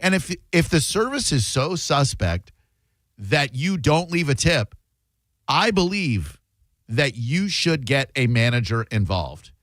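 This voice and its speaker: A radio host man with a lively, swooping delivery who tells stories casually and puts on voices for the people in them. He is recorded dry and close in the studio. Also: medium pitch, takes it slowly, no echo. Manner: animated, acts out voices in his stories. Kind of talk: casual talk radio storytelling.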